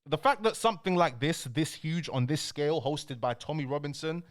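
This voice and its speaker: Young man, casual rant to camera, slangy and animated, voice a touch higher than usual. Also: normal speed. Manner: animated, ranting, fills lines with "bro" and "bruv". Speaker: commentary channel host.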